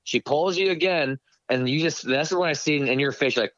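A man's voice: on the high side, a little fast. Profane storytelling man, lo-fi sound. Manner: profane, animated storytelling with quoted voices. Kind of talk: casual storytelling chat. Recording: dull lo-fi dry sound.

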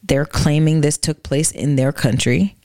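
A woman's voice: low-pitched, fairly even intonation, a little slow, dark tone. A woman co-hosting a casual chat, questioning and skeptical, thinking aloud with restarts. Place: Charlotte area, US.

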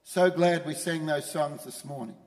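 A man's voice: a little high, normal speed, a little mellow, big-room sound. A man preaching a sermon as pastor, emphatic and repeating his key phrases. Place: church.

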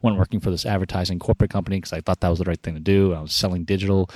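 Young guy talking fast and fired up, lowish voice, dry close sound, does little voices for people in his stories. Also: no room sound. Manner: energetic, animated storyteller acting out quoted dialogue. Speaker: podcast guest, founder of an inspiration business. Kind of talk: casual storytelling interview.

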